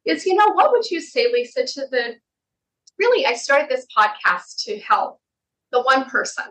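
Woman podcast host asking soft searching questions, kinda high, bright sound. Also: big pitch swings, rough recording. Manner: warm, searching, halting phrasing. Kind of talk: interview questions.

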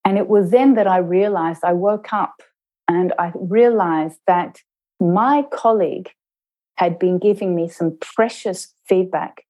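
Middle-aged woman trainer telling a work story, lowish warm voice, slows down on the key bits. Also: low-quality recording. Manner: measured, slows down to stress points. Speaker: intercultural trainer. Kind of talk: reflective interview storytelling.

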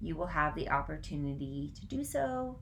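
Fast-talking woman host guiding breathwork. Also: low-pitched, very animated, gravelly, slight background noise. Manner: fast, run-on talking with restarts; gentle instructive guidance in breathwork. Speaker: spiritual coach and podcast host. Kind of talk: casual live-stream talk guiding breathwork.

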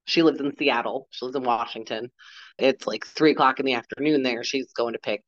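Woman, 40s, podcast guest, halting personal story, retold dialogue, dry close sound, muffled audio. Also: extremely low pitch, fairly even intonation, dry recording. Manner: halting, retells dialogue with "I'm like".

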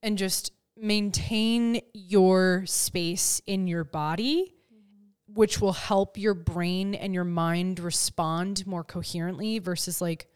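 A woman hosting a casual podcast chat close to the mic, animated and acting out quoted lines. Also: on the low side, takes it slowly, smooth. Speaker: podcast host. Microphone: close studio mic.

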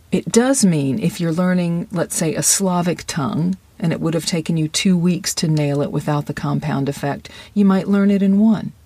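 A mellow, low-key voice with a slightly husky, breathy edge, talking like a coach encouraging students. The delivery is conversational, sometimes slipping into quick asides and hushed whispers for emphasis. The sound is close and dry, with no room echo. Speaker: acting coach. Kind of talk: podcast-style lesson monologue.

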